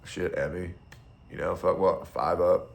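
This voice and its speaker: A man's voice: low-pitched, fairly even intonation, a little slow, vocal fry. A male streamer in a casual, blunt monologue, ranting with heavy profanity and strong opinions.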